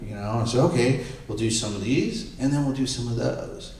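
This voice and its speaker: A man's voice: mid-range voice, brisk, slight background noise. A middle-aged man, a photographer speaking on a panel, telling anecdotes and acting out the voices of the people in them. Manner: animated, acts out quoted voices. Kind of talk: anecdotal storytelling at a live panel. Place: panel event room. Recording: echoey room, mic far off.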